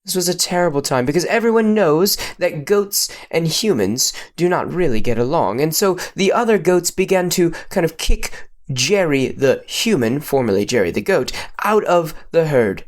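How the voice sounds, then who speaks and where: A man improvising a silly story with playful, mock-solemn narration and sudden pitch jumps. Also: big pitch swings, moderate pace.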